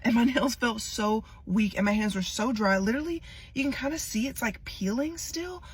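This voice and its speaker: A woman's voice: a little high, normal speed, slightly rough. A young woman telling a rambling, chatty storytime about a salon visit, with exasperated asides. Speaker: TikTok storyteller. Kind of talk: casual storytime.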